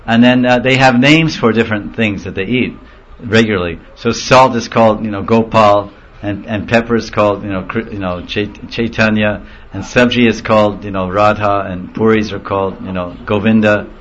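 A man's voice: lowish voice, steady tone, moderate pace, fairly bright tone. A man giving an informal religious talk, telling anecdotes with laughter and acting out voices. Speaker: spiritual teacher. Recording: muffled lo-fi recording.

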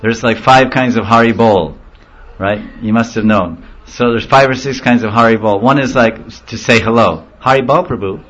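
A man's voice: lowish voice, moderate pace, fairly bright tone. Brief: man giving a casual devotional talk, muffled lo-fi recording, playful storyteller who mimics voices. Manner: storytelling, laughing, acting out voices. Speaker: spiritual teacher. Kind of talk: informal religious talk.

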